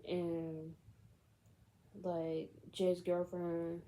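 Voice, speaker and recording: A woman's voice: fairly low pitch, completely flat delivery, very slow, mellow, slight background noise, low-quality recording. A woman casually retelling a film's plot in a rambling way, filling every gap with "like" and "you know". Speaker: film recap vlogger.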